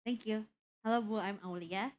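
A woman's voice: medium pitch, moderate pace. Hesitant young woman with a muffled mic. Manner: hesitant, many fillers while explaining. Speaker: audience member asking a question.

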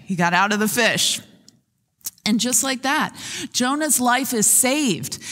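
A woman pastor giving a sermon, retelling scripture in a lively storytelling manner. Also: on the high side, long reverb tail. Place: church sanctuary.

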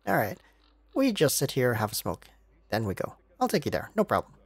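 A spaced-out male camp cook, put on by a man reading a game aloud, rambling in a husky drawl. He dodges every question and keeps coaxing you to sit and smoke. His pitch swings widely and loosely between words. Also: huge pitch swings, a little fast, dry recording, exaggerated voice.

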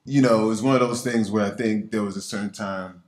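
A man with a Nigerian accent talks on a panel in an echoing hall. His voice sits low. His storytelling is lively and playful, full of rhetorical asides. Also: brisk. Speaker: orthopaedic surgeon. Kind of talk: panel discussion. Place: symposium lecture hall. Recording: echoey conference hall on a mic.

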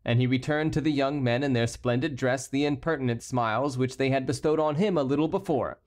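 A man's voice: a little fast, darkish tone. Man reading a historical novel aloud. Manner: reads every character himself, lifting his pitch for the courtiers. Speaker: audiobook narrator. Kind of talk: scripted narration.

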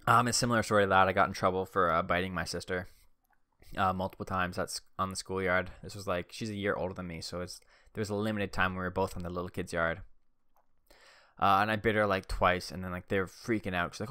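A man's voice: sits low, steady tone, fast, sharp tone, clean tone, no echo, clean studio sound. A young man hosting a podcast, telling rambling stories casually and filling his talk with "like". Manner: rambling, heavy use of "like" fillers. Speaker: podcast host. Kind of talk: casual storytelling.

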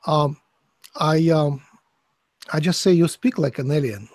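A man's voice: fairly high pitch, a little slow, a little mellow, no room sound. A man with a somewhat raised voice asks questions of a channeler, circling back and restarting as he works through his thoughts. His voice is recorded dry, with no room sound behind it. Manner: searching, hesitant, with restarts and a light laugh. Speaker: interviewer. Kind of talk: conversational questioning.

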